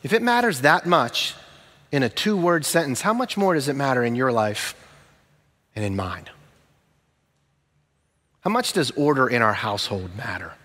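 A middle-aged man preaching a sermon as pastor, telling a story with lively ups and hushed, slow emphasis. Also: mid-range voice, long reverb tail.

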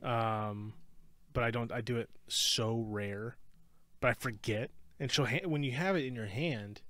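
A man's voice: mid-range voice, measured pace, fairly bright tone, no room sound. A young man co-hosting a podcast, chatting casually, swearing freely and drifting into tangents. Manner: rambling, profane, goes off on tangents. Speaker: podcast co-host. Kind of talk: casual chat.

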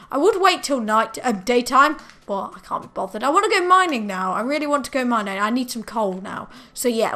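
Woman, let's-play commentator, excitable and shrieky, high lively voice. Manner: excitable, shrieks and scolds a pet dog. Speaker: gaming video creator.

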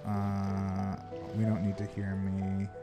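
A man live-streaming a game, his voice sitting low as he talks at an unhurried drawl. He swears freely, laughs a lot and trails off into restarts. Game music plays clearly behind him. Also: completely flat delivery. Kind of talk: casual live-stream chat while gaming.

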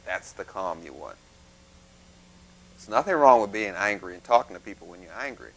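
A man giving a plain, instructive lecture, with folksy images and a halting delivery. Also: low voice, fairly bright tone, rough recording. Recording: faint mains hum.

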